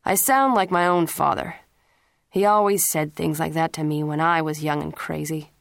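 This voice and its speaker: A firm middle-aged father scolds his son in an audiobook, read by a woman. The voice sits low and lays down the law. The recording is dry and close. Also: normal speed, creaky, dry recording. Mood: stern. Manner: firm, lecturing.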